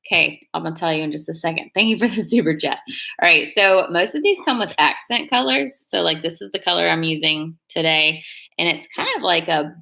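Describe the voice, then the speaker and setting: A young woman chats loosely while she does her nails. Her voice is bright and a bit gravelly, and she rambles and hedges as she talks. She sits fairly low in pitch. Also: brisk. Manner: rambling, chatty, hedges a lot. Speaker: beauty vlogger on a live stream. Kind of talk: casual chat while doing her nails.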